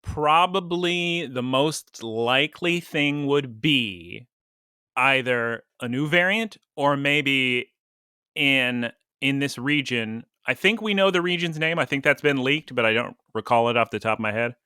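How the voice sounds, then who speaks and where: A man's voice: medium pitch, expressive, a little slow, sharp tone, clean tone, no room sound, clean studio sound. A man co-hosting a podcast, chatting casually and rambling, laughing now and then. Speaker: podcast co-host.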